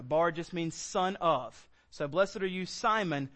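Earnest pastor teaching a sermon. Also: male voice, high voice, animated, moderate pace, few pauses, a bit bright. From Southern United States. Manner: earnest teaching, emphatic, conversational asides.

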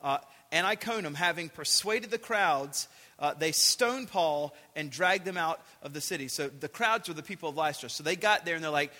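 High-voiced guy preaching, bright and punchy, big reverb-y hall, acts out the quotes. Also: brisk. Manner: animated, acts out quotes, shouts for emphasis. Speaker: pastor. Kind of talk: sermon.

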